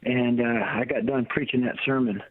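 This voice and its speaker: A man's voice: medium pitch, fairly even intonation, normal speed, slightly rough, dry recording. A middle-aged American man calling in as a radio guest, telling his family story in an emphatic, blunt way with a preacher's cadence. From United States. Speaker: guest, ministry leader and author. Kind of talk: personal testimony on a radio talk show. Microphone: phone call into the studio. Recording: tinny phone line.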